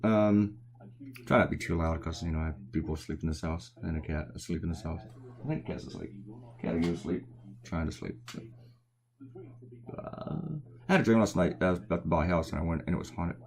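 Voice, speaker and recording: A man's voice: deep voice, a little fast, crowd noise. A man with a Southern accent, a cartoonist chatting in a rambling, casual way while drawing and answering viewer comments at home. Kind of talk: casual live drawing chat. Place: home at night, quiet to not wake others.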